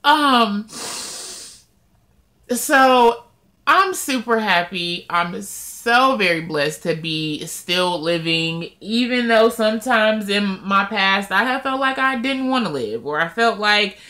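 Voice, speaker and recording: In an unhurried, mid-range voice with hardly any pauses, a woman shares her weight-loss progress in a casual vlog. She addresses viewers directly, emotional and openly expressive throughout.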